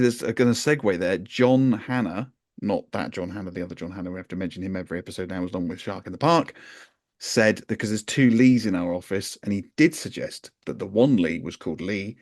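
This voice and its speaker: A man's voice: sits low, brisk, darkish tone, no room sound, clean studio sound. A man co-hosting a podcast, telling a chatty, wry, self-mocking story in casual conversation. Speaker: podcast co-host.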